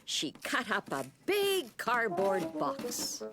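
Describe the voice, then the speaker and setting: A woman narrating a children's cartoon in a gentle, expressive storybook manner. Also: on the high side, takes it slowly. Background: children's music.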